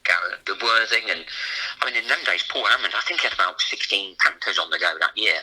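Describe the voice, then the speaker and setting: A man guesting on a casual chat, telling lively stories and acting out the other people in them. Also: on the low side, fast, breathy edge, low-quality recording. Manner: lively storyteller, acts out other voices. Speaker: guest, performer.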